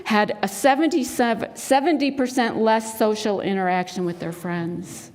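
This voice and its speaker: A woman's voice: mid-range voice, moderate pace, darkish tone. A woman minister giving a sermon, telling a personal story and acting out the voices of the people in it. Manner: storytelling, acts out quoted voices. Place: spiritual center sanctuary. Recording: long hall reverb.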